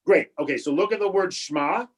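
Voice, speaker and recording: A man, a rabbi, teaching a Hebrew prayer class over a video call, talking in a halting way with many restarts and fillers, patient and encouraging. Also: high-pitched, low-quality recording. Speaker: rabbi teaching a bar and bat mitzvah class.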